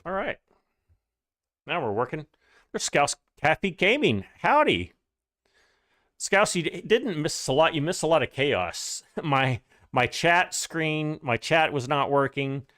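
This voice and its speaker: A man's voice: on the high side, sing-song, slow, a bit bright, no echo, studio quality. Chatty man streaming a farming game. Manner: chatty, greets viewers with "howdy", rambling restarts. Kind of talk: casual live-stream gaming commentary.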